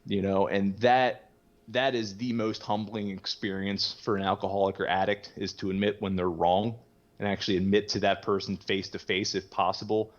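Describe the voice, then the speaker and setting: A man with a low-pitched voice talks openly in a relaxed, conversational way. He rambles, leans on fillers, and drops the odd curse word. The recording sounds dull and lo-fi. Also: moderate pace. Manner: rambling, frequent "you know" fillers, casual swearing, laughs easily. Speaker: podcast guest sharing his recovery story. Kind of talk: casual candid conversation.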